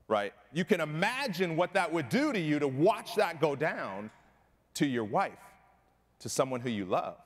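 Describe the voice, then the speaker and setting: A middle-aged man giving a keynote talk, telling a personal story with emphasis and often asking the audience "right?". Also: a little high. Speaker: keynote speaker. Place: large conference hall. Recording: long hall reverb.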